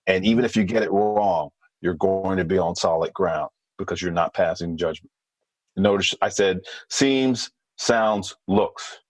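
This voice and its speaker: A man being interviewed as a former hostage negotiator, explaining in a measured way with thinking fillers. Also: low-pitched, no room sound, low-quality recording. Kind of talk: podcast interview.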